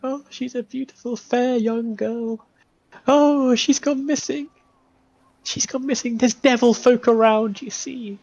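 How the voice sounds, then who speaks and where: A man voicing a distraught mother who has lost her daughter, pleading in a high, trembling voice. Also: steady tone, a little slow, creaky, darkish tone, exaggerated voice. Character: distraught grieving mother, a middle-aged woman. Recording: dull lo-fi stream audio.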